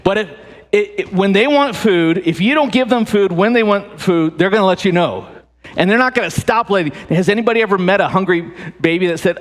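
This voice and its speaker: A married man preaching a sermon to a church congregation, animated and jokey, often repeating and restarting his phrases. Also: high-pitched, moderate pace. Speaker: pastor. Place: church sanctuary. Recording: long hall reverb.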